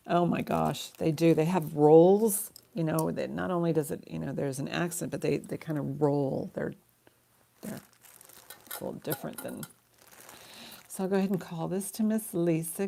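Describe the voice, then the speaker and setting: A middle-aged woman runs a live online jewelry auction in loose, rambling chat, laughing often. Her voice sits low with a gravelly fry. She talks like she is chatting with regulars. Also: mellow. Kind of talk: casual live-stream selling.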